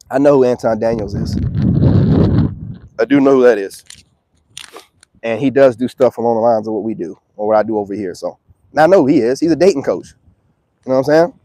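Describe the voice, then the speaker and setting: A man holds forth outdoors in a confrontational, preachy monologue, loaded with slang. His voice sits high but sounds dark and mellow. The sound is dry and close. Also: dry recording, rough recording. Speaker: self-styled spiritual commentator. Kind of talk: ranting monologue to camera.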